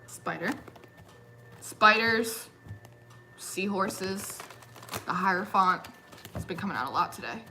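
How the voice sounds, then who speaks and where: A woman's voice: mid-range voice, animated, slow pace, long pauses, sharp tone, faint music behind. A young woman reading tarot in a casual, chatty way, giggling often and filling her talk with "like". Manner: chatty, giggly, uses lots of fillers. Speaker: tarot reader.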